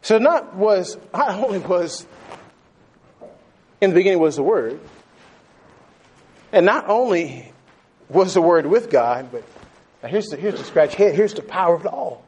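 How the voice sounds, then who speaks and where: A man preaching a sermon, animated, laughing often and repeating phrases for emphasis. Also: sits high, measured pace, long pauses, slightly rough.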